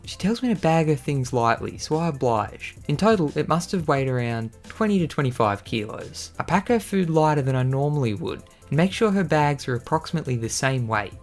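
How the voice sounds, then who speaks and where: Wry man narrating Reddit stories. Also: mid-range voice. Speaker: YouTube narrator. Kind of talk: reading Reddit stories aloud.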